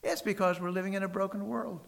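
A man preaching a sermon and telling stories emphatically, with sudden loud stresses and soft drops. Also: high-pitched, fairly even intonation, quick pace, vocal fry.

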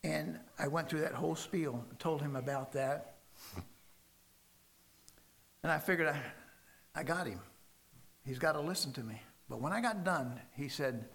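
A man preaching a sermon and telling stories emphatically, with sudden loud stresses and soft drops. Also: a little high, normal speed, gravelly, pauses often.

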